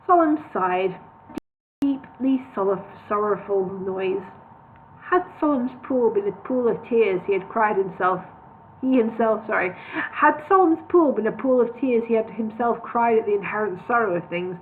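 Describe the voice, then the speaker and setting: A woman's voice: medium pitch, lively intonation, normal speed, a little hiss or hum. A woman reading a parody storybook aloud on a livestream, with wry, chatty asides. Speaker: reader of a parody book. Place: home, livestream. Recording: tinny phone-like audio.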